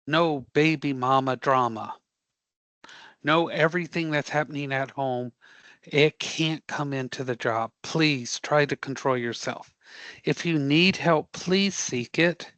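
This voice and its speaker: Bright, joking male instructor. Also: a little high, dry recording. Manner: animated, joking, audience-engaging. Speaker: career prep instructor. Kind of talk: live class lecture.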